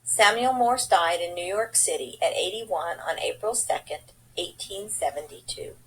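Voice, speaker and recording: A woman presenting a slideshow report, reading it out in a plain, steady way. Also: medium pitch, moderate pace, slight background noise, poor audio.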